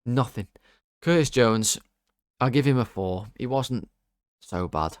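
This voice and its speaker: A man's voice: mid-range voice, lively intonation, a little slow, clear, resonant tone, no room sound, studio quality. A young man hosting a football fan channel, giving player ratings in an exasperated, swearing rant full of restarts.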